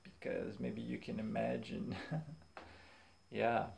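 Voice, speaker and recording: Gravelly-voiced man telling stories. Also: on the low side, slow pace. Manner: animated, acts out voices in quotes, laughs often. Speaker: vlogger. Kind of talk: casual storytelling.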